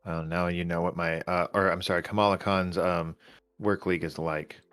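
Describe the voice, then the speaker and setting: Low-voiced man, joking casual chat. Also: moderate pace, smooth. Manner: joking, animated. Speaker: co-host.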